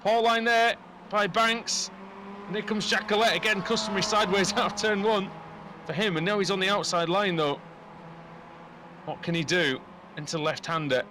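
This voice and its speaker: Excitable high-voiced male race commentator. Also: fairly quick, background noise. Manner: excitable, rising sharply at incidents. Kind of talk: sim racing commentary.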